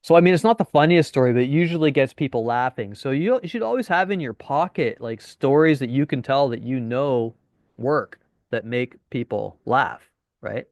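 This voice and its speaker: A man teaching a casual webinar as a dating coach, chatty and swearing now and then, acting out deadpan lines. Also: mid-range voice, moderate pace, no room sound, dull audio.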